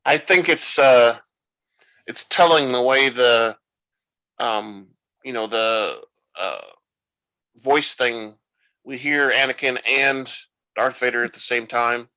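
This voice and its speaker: A man's voice: mid-range voice, slow, long pauses, pushed and bright, low-quality recording. A man hosting a podcast, retelling the plot loosely in a casual recap and thinking aloud as he goes. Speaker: podcast host.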